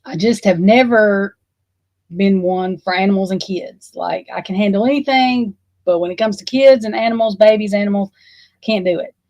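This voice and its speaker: A woman's voice: mid-range voice, normal speed, a little mellow, no room sound, poor audio. Profane, rambling woman in her forties. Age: 40s. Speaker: livestream host. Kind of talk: casual chat with viewers.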